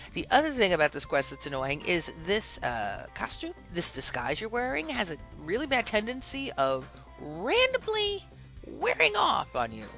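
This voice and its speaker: Lively, bright-voiced podcast host. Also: mid-range voice. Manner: animated, exasperated retelling with acted-out quotes. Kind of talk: casual storytelling about a video game.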